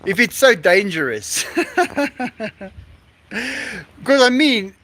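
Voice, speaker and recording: Slow, effusive man, lively high voice. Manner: effusive, laughs often. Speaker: live-stream host reading donations. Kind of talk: casual live-stream chat. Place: outdoor rooftop.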